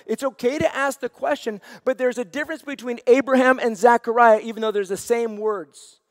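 A man's voice: extremely high pitch, steady tone, fairly quick, hardly any pauses, dry recording, studio quality, long reverb tail. A man preaching a sermon as senior pastor, earnest and repeating phrases for emphasis.

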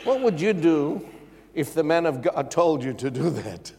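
A man's voice: on the high side, very animated, measured pace, creaky, warm tone, slightly rough, long reverb tail. A man preaching a sermon with emphasis, calling out questions to his congregation.

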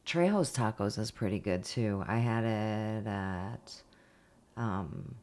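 A woman's voice: rumbling low, a little mellow. A woman co-hosting a podcast in casual chat, often hunting for words with fillers. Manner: halting, gropes for words with fillers. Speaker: podcast co-host.

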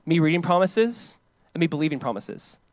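A male pastor preaching a sermon in a casual, conversational way, playing out the voices in his quotes and dropping to a soft hush when he reflects. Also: on the high side, big pitch swings, moderate pace, no echo.

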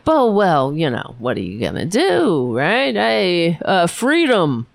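A woman with a lowish, gravelly voice hosts a political podcast, ranting alone in an angry, sarcastic, profane way and restarting often. Her pitch swoops wildly, she speaks slowly, and there's no room sound.

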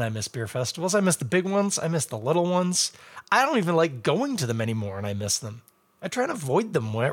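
A man's voice: fairly high pitch, fairly bright tone. Rambling, chatty man. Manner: rambling, chatty, with joking asides. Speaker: beer reviewer. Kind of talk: casual livestream chat.

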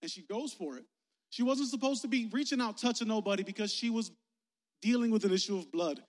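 A man's voice: sits high, fairly quick. A young man preaching a casual, playful sermon as youth pastor, talking with his listeners. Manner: playful, conversational, engaging the audience. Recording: echoey hall.

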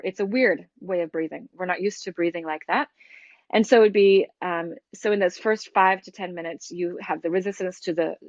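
A middle-aged American breathwork teacher, with a lowish voice, speaks candidly and animatedly as a guest in a casual interview, restarting her sentences often. The recording is dull, dry, and lo-fi.

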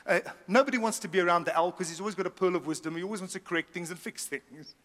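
In a big-sounding room, a middle-aged pastor fires off a funny sermon in a high-pitched, rapid voice. He tells lively stories peppered with laughter and side comments.

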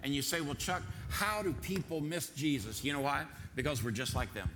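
A man's voice: medium pitch, normal speed, a bit bright, a little hiss or hum. A man preaching a sermon as pastor in a church, telling folksy stories and repeating phrases for emphasis. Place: church sanctuary.

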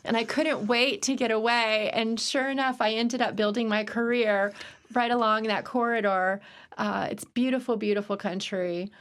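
Middle-aged woman from virginia on a podcast, slow and chatty, lots of ums and laughs. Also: medium pitch, fairly bright tone. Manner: chatty, laughs often, measured with frequent fillers. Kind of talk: casual podcast conversation.

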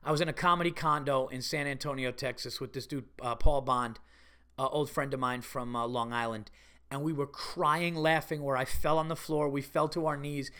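Male podcast host, casual storytelling, animated, laughs a lot, swears, mid pitch. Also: moderate pace, clear, resonant tone. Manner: animated, laughs through stories, swears freely.

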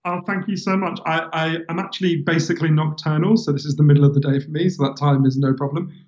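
A man with a London accent chats animatedly as a podcast guest, laughing between stories. His voice sits a bit high, and the remote line sounds dull and lo-fi. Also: quick pace. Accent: London English. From England. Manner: animated, chatty storyteller, laughs often. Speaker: guest author. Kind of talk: casual interview chat.

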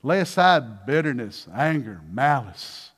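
A man preaching a sermon with lots of energy, acting out little dialogues and swinging between loud bursts and hushed passages. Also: mid-range voice, animated, unhurried, husky. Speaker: pastor.

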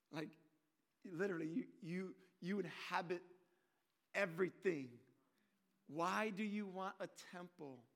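A man with a very high voice preaches a sermon. He talks casually, as if in conversation, and often quotes prayers aloud. He swings between loud, emphatic peaks and low, hushed asides. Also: takes it slowly, vocal fry, pauses often. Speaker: pastor.

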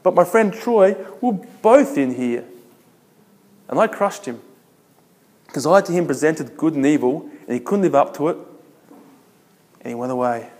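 Male preacher, fairly high voice, emphatic and repetitive, long hall reverb. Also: lively intonation, normal speed, long pauses, a little mellow. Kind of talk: sermon.

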